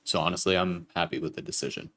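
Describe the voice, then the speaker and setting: A young man with a low voice hosts a live trading stream. He talks casually and swears now and then while he walks his viewers through a trade. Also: quick pace, a bit bright. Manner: casual and profane, explains trades to chat. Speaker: livestream trading host. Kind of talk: casual livestream chat.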